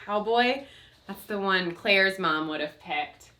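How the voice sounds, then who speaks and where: Woman teacher, bright voice, lively pitch, slow clear recitation for kids. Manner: cheerful, leads children in repeating lines slowly. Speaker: homeschool grammar class teacher. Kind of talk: online class lesson with call-and-response recitation.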